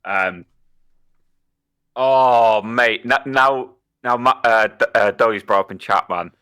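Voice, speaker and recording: A man's voice: mid-range voice, slow, bright, forceful tone, clean tone. A young man co-hosting a podcast in casual chat, swearing a lot, laughing and stumbling over his words. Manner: swearing, laughing, stammering restarts. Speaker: podcast co-host.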